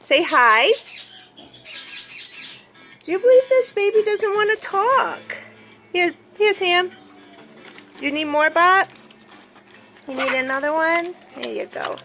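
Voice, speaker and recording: A woman's voice: extremely high pitch, lively intonation, slow, pauses often, pushed and bright. A woman filming her pets at home, coaxing them in sing-song baby talk and asking a bird to talk. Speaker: pet owner and vlogger. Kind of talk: casual pet vlog.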